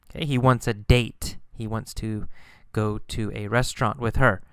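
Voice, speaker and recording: A man teaching English in a slow lesson, patiently repeating and rephrasing key words for learners. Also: medium pitch, flat delivery, a bit bright, clean tone, no echo.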